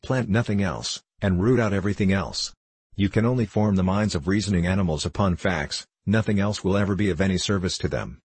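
A man's voice: sits low, a little fast, husky, no echo. A man reading a stern, dictatorial man of facts. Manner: inflexible, dry, emphatic. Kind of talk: audiobook character reading.

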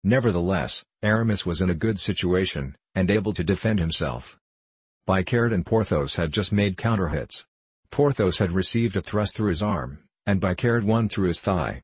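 A man narrating a classic novel in a steady, formal audiobook reading. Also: low-pitched, normal speed, slightly rough, no room sound.

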